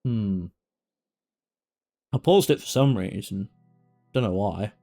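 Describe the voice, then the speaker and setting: A man's voice: fairly low pitch, slow, vocal fry, warm tone, soft background music. A man doing casual, sweary live-stream commentary on a football management game. He talks to the players on screen and goes off on rants.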